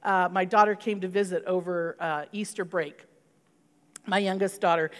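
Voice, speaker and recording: Middle-aged woman preaching, earnest personal stories, hall reverb ringing behind her. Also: medium pitch. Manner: earnest, personal storytelling with prayer. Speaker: pastor. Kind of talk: sermon.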